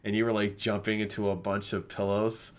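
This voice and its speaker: A young man streaming live, chatting casually and acting out the people in his stories in a higher voice. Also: brisk. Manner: animated storyteller, acts out quotes in a higher voice.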